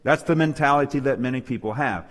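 A man's voice: mid-range voice, fast talker, in a large hall. A man preaching a sermon to a church audience, emphatic and calling out for amens. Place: church hall with a live and online audience.

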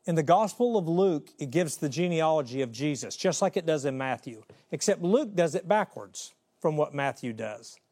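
Fervent preacher man, fairly high voice. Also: lively intonation, moderate pace, few pauses. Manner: emphatic, shifts between loud and hushed; acts out little voices of God, Satan and his kids. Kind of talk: sermon.

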